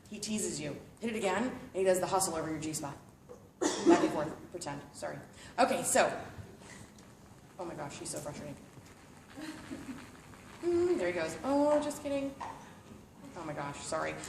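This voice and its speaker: A woman's voice: fairly low pitch, a little hiss or hum. Bubbly woman demoing products to a group. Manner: bubbly, playful, chatty. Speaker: party sales consultant. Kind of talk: live product demo to a group. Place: living room at a home party. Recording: roomy room recording.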